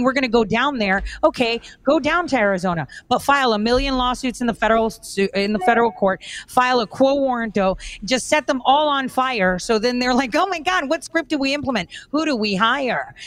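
A woman's voice: a little high, no echo. Emphatic woman guest on a talk show. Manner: emphatic, insistent. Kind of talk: casual talk show conversation.

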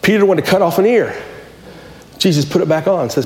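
A man's voice: sits high, expressive, brisk, darkish tone, roomy sound. A man preaching a sermon as pastor, impassioned and repetitive, often restarting his phrases.

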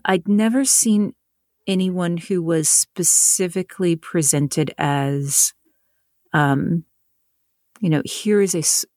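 A woman from North Carolina talks through her ideas in an interview, often circling back and repeating words as she thinks. Her voice sits a little low. The recording is dry and close. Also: darkish tone, no room sound. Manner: thoughtful, with frequent restarts and repeated words. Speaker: author and audiobook narrator. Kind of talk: conversational interview.

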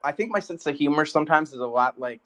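A man's voice: a little high, expressive, quick pace, a bit bright. A male podcast host chatting casually, rambling with constant fillers of "like". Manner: rambling, heavy use of "like".

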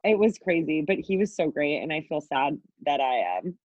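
Frank woman podcast guest in her twenties, swears freely, lowish voice on a dull dry recording. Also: animated, moderate pace, darkish tone, no echo. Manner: candid, swears freely, acts out quotes. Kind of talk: casual storytelling.

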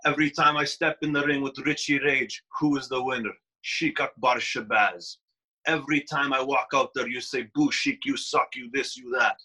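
A man's voice: fairly low pitch, pushed and bright, poor audio. A man playing an arrogant, boastful heel wrestler, taunting the crowd in a wrestling promo. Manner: taunting, self-aggrandizing promo delivery.

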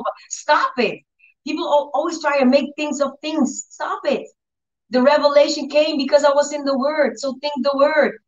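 A woman teaching her church audience about healing, giving an earnest, repetitive testimony with soft laughs. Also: fairly high pitch. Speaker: Bible teacher and church leader. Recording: distant, dull-sounding mic.

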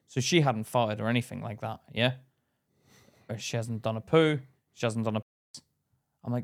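A British man co-hosting a podcast tells a story in casual chat, animatedly mimicking other people in a sing-song voice. He has a mid-range voice, speaks at a normal speed, and pauses often.

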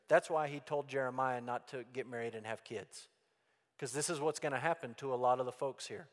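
A man's voice: medium pitch, a little fast. A man preaching a sermon, earnest and emphatic, repeating key phrases for weight. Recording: long hall reverb.

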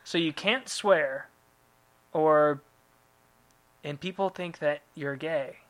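A man's voice: on the high side, takes it slowly, fairly bright tone. A man hosting a podcast in casual chat, rambling and swearing as he riffs on listener emails. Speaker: podcast host.

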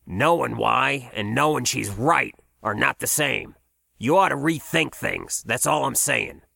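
A man voicing an older male fry cook, blunt and worried, in an audiobook. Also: mid-range voice, expressive, measured pace, pushed and bright, dry recording, clean studio sound, heavily acted. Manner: blunt, exasperated. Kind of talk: audiobook character voice.

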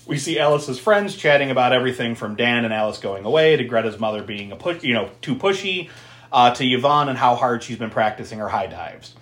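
A man recaps a film for his podcast co-host with lots of energy, swearing and laughing as he goes. His pitch jumps around a lot, and he sounds like he is in a room with some echo. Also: animated, fairly quick, a bit bright. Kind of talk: casual movie recap.

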